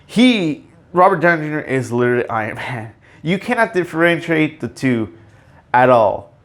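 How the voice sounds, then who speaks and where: A man hosting a casual solo podcast, rambling excitedly with many fillers and restarts and sudden emotional outbursts. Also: a little high, moderate pace. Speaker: podcast host.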